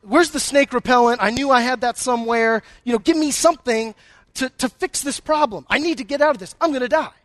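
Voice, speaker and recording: A man's voice: very high voice, a little fast, dry recording, voice pushed up. A man acting out a panicked man bitten by a burning snake, rambling frantic pleas for help.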